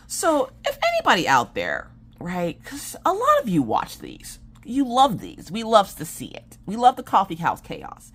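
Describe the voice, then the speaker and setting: A woman's voice: on the high side, normal speed, slightly rough. A woman in her thirties, casually telling a family story and acting out her family's lines in a jokey way. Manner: animated, jokey, acts out family members' lines. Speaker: vlogger telling family stories.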